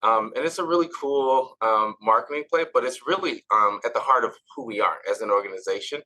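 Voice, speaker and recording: A man in his forties, a podcast guest, explaining his work in a relaxed way with many "um"s. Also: medium pitch, a little fast, a little hiss or hum, low-quality recording. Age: 40s. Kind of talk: casual interview.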